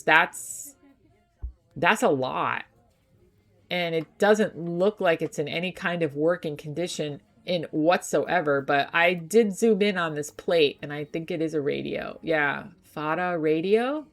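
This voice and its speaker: Out of breath while loading the car, this woman talks through her thrift haul with casual eagerness in a low-pitched, slightly slow voice. The vlogger is indoors at home, sitting on a couch.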